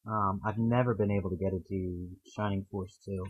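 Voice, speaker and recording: Man, podcast host, husky, fairly low, casual hedging chat. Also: fairly even intonation, normal speed, phone-quality sound. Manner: thoughtful, hedging, reads quotes aloud. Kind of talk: casual podcast chat about video games.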